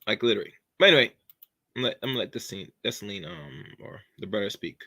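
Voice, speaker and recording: Bright-voiced man rambling commentary. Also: fairly low pitch, quick pace. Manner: rambling, preachy, filler-heavy delivery. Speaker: commentary channel host. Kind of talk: casual opinion commentary.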